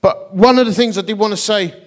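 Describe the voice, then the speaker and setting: A middle-aged man telling a story from the pulpit, his voice sitting high for a man. He is lively and self-mocking, and he acts out each character's lines as he goes. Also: fairly quick. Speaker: guest preacher. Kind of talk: storytelling sermon.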